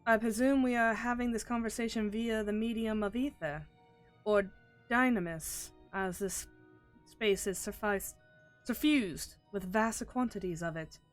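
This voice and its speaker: A woman's voice: mid-range voice, measured pace, faint music behind, close to an everyday voice. A woman voicing a formal, long-winded alien ether being, reading its game lines in a stiff, pedantic manner. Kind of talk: reading game dialogue aloud in a put-on voice.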